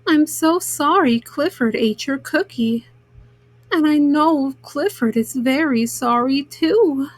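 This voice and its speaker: A woman voicing a caring young girl in a gentle, earnest storybook voice. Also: high voice, slow, no room sound.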